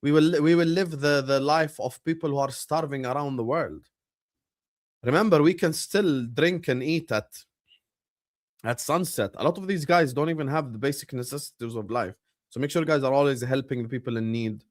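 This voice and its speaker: A young man hosting a live football watchalong, chatting casually with his viewers and shouting at big moments of the match. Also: mid-range voice, moderate pace. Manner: animated, bursts into loud shouts at match moments, banters with chat. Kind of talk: casual live-stream chat and match commentary.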